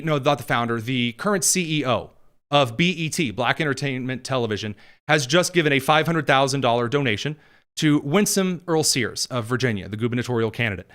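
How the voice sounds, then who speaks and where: A man with a medium-pitched, fairly bright voice hosts a political commentary show, speaking sarcastically and mockingly with exaggerated emphasis.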